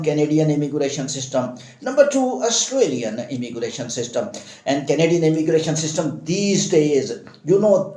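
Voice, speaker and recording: A man's voice: a little high, warm tone, reverberant, poor audio. A man giving opinionated immigration news commentary, emphatic and impassioned, repeating phrases for stress.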